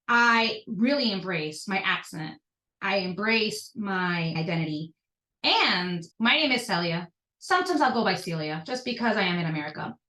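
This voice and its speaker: A woman in her thirties telling personal stories as a podcast guest, animated and jumping up in pitch when she stresses a point. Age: 30s. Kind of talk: personal storytelling in conversation. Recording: echoey room.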